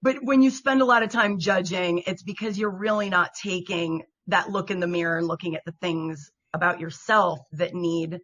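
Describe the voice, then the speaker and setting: Female co-host, bright voice, earnest, casual talk. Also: on the low side, fairly even intonation, normal speed, hardly any pauses. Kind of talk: casual chat.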